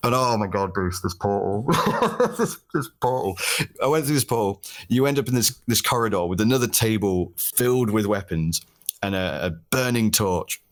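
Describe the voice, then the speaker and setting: A young British man chatting casually as a podcast guest, telling lively stories with frequent laughs and casual swearing. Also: lowish voice, normal speed. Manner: animated storyteller, laughs often, swears casually. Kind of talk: casual conversation.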